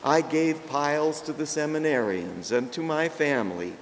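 An older man, a priest, preaching a sermon with jokes, told in a slow and gentle storytelling way. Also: on the high side. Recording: long reverb, faint background noise.

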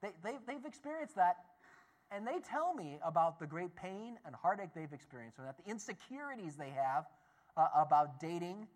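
Animated male storyteller, loud-soft swings. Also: high-pitched, moderate pace. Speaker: Catholic speaker. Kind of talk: storytelling talk to an audience.

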